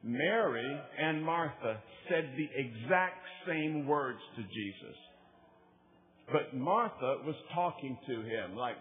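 A man's voice: mid-range voice, animated, slow pace. A male preacher from the United States delivering an emphatic sermon, calling on the audience to repeat phrases. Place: large church meeting. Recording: tinny phone-like live recording.

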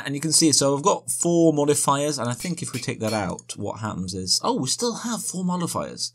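A man giving rambling, self-correcting commentary over his own gameplay and chuckling often. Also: on the low side. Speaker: let's play host.

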